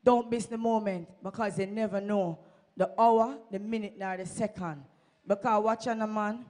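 A woman's voice: mid-range voice, steady tone, moderate pace, warm tone. A woman with a Jamaican accent gives a fervent testimony to a church congregation, exhorting the listeners and slipping into Patois. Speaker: church member giving testimony. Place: church sanctuary.

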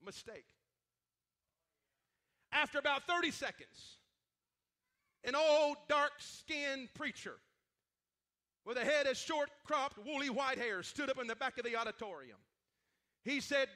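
A male preacher in full sermon, fervent and building toward shouts. His voice is very high and strikingly bright. He leans on frequent "uh" fillers between phrases. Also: lively intonation, unhurried, long pauses. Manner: fervent, many 'uh' fillers, rising to shouts.

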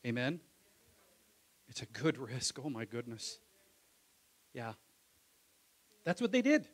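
Delivering a sermon at a slow pace, a male pastor speaks in a medium-pitched, very animated voice, casual and conversational. He performs biblical voices, moving from soft asides to loud calls.

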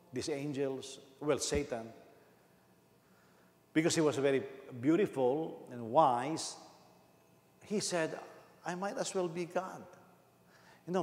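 A male pastor with a Filipino accent delivers a lively sermon, chuckling as he goes and slipping between English and Tagalog. His mid-pitched voice rings out through a large room with a long, echoing reverb. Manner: animated, laughing, switching between English and Tagalog. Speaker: senior pastor. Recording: echoey hall with long reverb.

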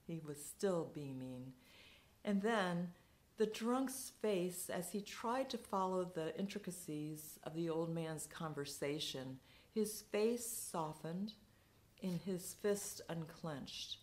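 Woman, storyteller, low voice, unhurried, dramatic delivery. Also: animated, a little mellow. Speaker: speaker. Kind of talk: storytelling talk.

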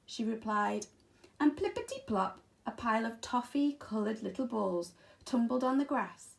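Lively, gravelly-voiced woman reading a story. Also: on the high side, moderate pace. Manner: expressive, sing-song storytelling with sound effects. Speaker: primary school teacher reading aloud. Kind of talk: storybook read-aloud for children.

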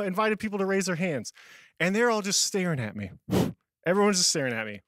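Young male youth pastor, casual sermon, laughs at himself, slightly high pitch, dry sound. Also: lively intonation, fairly quick, fairly bright tone, dry recording. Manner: casual, self-deprecating storytelling with laughs.

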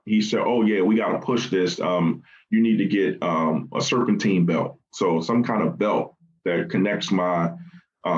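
On a podcast, a man with a very low voice and a Baltimore accent shares a personal story about losing family members. He stumbles along conversationally with lots of fillers and false starts, often voicing what others said to him, and the sound is somewhat muffled.

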